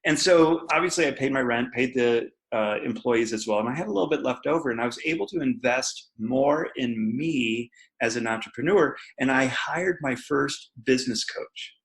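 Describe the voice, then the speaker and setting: Podcast guest, man in his forties, candid storyteller, gravelly, average pitch. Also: expressive, moderate pace, few pauses, a bit bright, rough recording. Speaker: guest entrepreneur.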